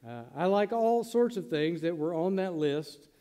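A man with a high yet mellow voice preaches a sermon to his congregation in a church sanctuary. He keeps it conversational and acts out the lines he quotes. The hall gives his voice a long reverb. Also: animated, a little slow. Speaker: pastor.

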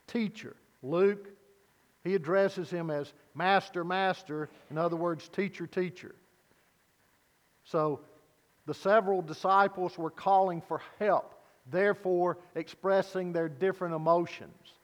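A man preaching a sermon as pastor, earnest and deliberate, posing rhetorical questions to his congregation. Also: sits high, big-room sound, lo-fi sound.

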